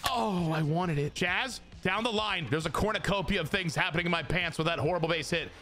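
A man giving casual, excitable commentary over his own video game match, swearing and trash-talking the opponent as he plays. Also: high voice, a little fast, faint music behind. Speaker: gaming channel host.

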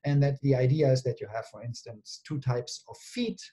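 A man presenting an academic conference talk, explaining step by step with pauses and frequent checks like "right?". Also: medium pitch, warm tone. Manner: hesitant, with frequent pauses and fillers.

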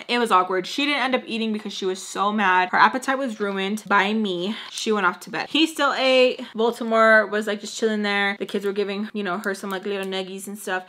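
A woman's voice: mid-range voice, a little fast, few pauses. A young woman in her twenties telling a casual storytime while doing her makeup, chatty and filled with "like," acting out other people's lines. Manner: chatty, acts out quotes with lively voice swings, says "like" a lot. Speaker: beauty vlogger telling a storytime.

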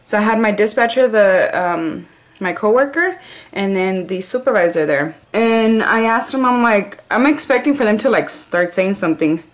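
A woman's voice: mid-range voice, lively intonation, normal speed. A woman telling a story straight to the camera in a loose, chatty vlog. She cusses freely, leans on "like" at every turn and tosses in the odd Spanish slang phrase. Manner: chatty, profane, heavy use of "like". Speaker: 911 dispatcher.

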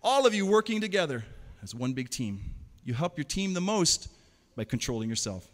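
A man performing an interactive stage show for children, playfully calling out quick commands and teasing his audience. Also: fairly high pitch, very animated. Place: large hall. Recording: long hall reverb.

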